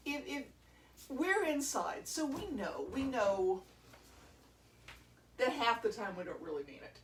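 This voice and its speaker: A woman's voice: sits high, lively intonation, measured pace, pauses often, far from the mic, slight background noise. A woman who plays drums in a band, chatting on a casual livestream, laughing often and rambling through stories. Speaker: drummer and show host. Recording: roomy sound from away from the mic.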